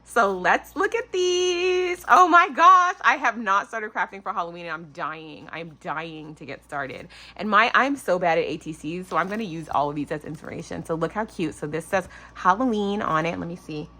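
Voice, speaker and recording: A woman's voice: on the low side, a little fast, few pauses. A woman of about forty hosting a craft channel, chatting casually and gushing over a package of crafting goodies. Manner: gushing, excitable, lots of "oh my gosh". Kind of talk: casual unboxing chat.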